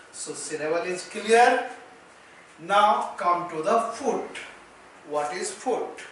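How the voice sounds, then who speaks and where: A man with an Indian English accent teaching a slow, deliberate lesson on poetry. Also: high-pitched, a bit bright, recorded from a distance, a little hiss or hum. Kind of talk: lecture on poetry. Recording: echoey room, voice off-mic.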